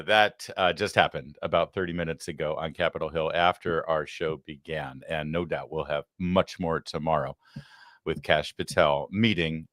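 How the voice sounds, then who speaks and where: A man's voice: sits low, sharp tone, no room sound, studio quality. A man hosting a live show, chatting casually and joking with plenty of filler "uh"s. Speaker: show host.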